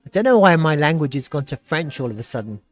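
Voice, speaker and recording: A man hosting a live stream, chatting casually and reacting with excitement and frequent laughter as he browses. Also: a little high, fast talker. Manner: excitable, laughs often, thinks aloud while browsing. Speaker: livestream host.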